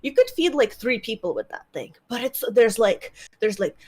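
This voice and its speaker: A woman co-hosting a live stream, chatting in an excitable, playful way. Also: on the high side, moderate pace. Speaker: stream co-host. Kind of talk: casual stream chat.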